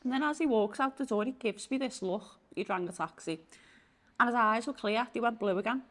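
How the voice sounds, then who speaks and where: A woman's voice: fairly high pitch, a little fast. A woman, a podcast guest who tells her stories casually and with animation, acting out the people in them. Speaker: podcast guest, spiritual practitioner. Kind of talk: casual storytelling in an interview.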